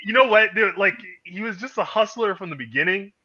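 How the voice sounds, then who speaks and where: Bright animated man, lo-fi sound. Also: high voice, fairly quick. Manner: animated storyteller, acts out quoted voices, swears freely. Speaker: podcast host. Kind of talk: casual chat.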